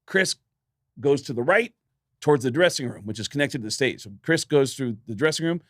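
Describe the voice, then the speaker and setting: Fairly quick and medium-pitched, a man co-hosting a podcast recounts a story in easygoing chat, animatedly acting out quoted lines. The audio is studio quality with no room sound.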